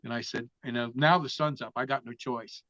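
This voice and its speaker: A man's voice: mid-range voice, steady tone, brisk, sharp tone, no echo. A man telling a story as an interview guest, casual and full of swearing. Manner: profane, vivid storyteller. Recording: dull, dry lo-fi sound.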